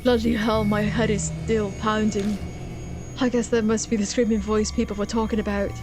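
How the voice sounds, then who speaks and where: A woman's voice: medium pitch, level tone, normal speed, close to an everyday voice. A woman voicing a dazed young man with a put-on British accent, talking in a dramatic, strained way. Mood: pained. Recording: game music behind.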